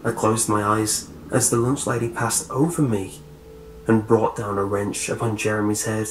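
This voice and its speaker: A man narrating a scripted horror story in a slow, measured way. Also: lowish voice, flat delivery. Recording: roomy echo, faint hiss.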